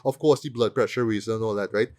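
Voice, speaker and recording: Animated man ranting about a film. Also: on the low side, fast talker. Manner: animated, profane, acts out quoted lines. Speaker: podcast co-host. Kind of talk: casual ranting movie review.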